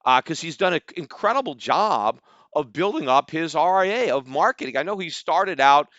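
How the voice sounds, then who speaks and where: A man's voice: on the high side, animated, normal speed, fairly bright tone, dry recording, lo-fi sound. A middle-aged American man hosting a podcast, giving combative, sarcastic solo commentary and often asking "right?". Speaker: podcast host.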